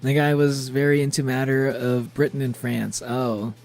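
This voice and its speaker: Gravelly young man streaming chatter. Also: mid-range voice, level tone, moderate pace, darkish tone, soft background music. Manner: rambling, laughs often, chatty. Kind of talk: casual gameplay streaming chat.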